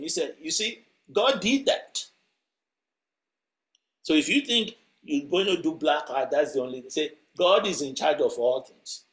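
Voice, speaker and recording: A man preaching a sermon through a story, conversational and chuckling as he tells it. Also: mid-range voice.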